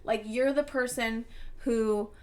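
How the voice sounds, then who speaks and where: Effusive, fairly high-voiced woman reading tarot. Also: fairly even intonation, takes it slowly, darkish tone. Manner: effusive and encouraging, rambling with restarts. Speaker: tarot reader. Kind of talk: casual tarot reading to camera.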